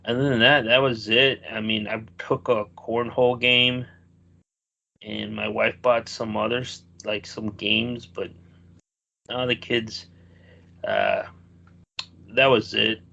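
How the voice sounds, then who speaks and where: A man's voice: on the low side, takes it slowly, gravelly, pauses often, bright, forceful tone, dull audio. A man co-hosting a podcast, telling a long rambling story in casual chat and swearing freely. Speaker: podcast co-host.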